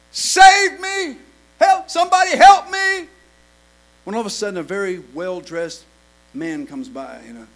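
A man preaching a sermon, repeating phrases and building to loud, emphatic calls with frequent "uh" fillers. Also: mid-range voice, slight background noise.

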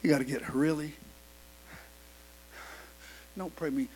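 A man preaching a fiery sermon who swings from shouts to hushed whispers and says "uh" often. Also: fairly high pitch, takes it slowly, slight background noise.

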